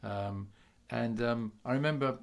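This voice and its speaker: A man's voice: mid-range voice, unhurried, vocal fry. A man in his sixties, a musician guest, telling stories in a chatty way with frequent restarts and laughs. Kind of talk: casual storytelling chat.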